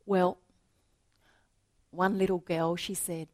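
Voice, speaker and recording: Slow, soft-spoken woman teacher. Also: fairly low pitch, animated, no echo. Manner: gentle, dropping often to a soft hush. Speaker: spiritual teacher. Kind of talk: reflective spiritual talk with storytelling.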